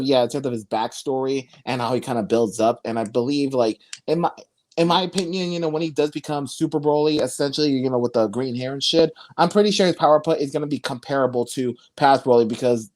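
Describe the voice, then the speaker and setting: A man co-hosting a podcast in casual chat, relaxed and explaining his points with fillers. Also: medium pitch, fast talker, no room sound. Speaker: podcast co-host.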